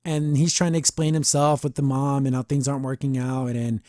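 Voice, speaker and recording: A man's voice: mid-range voice, little pitch movement, brisk, dark tone, no room sound, studio quality. A man hosting a podcast, casually reviewing an episode, rambling and laughing often. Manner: chatty, rambling, laughs often, says "I don't know" a lot. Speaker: podcast host.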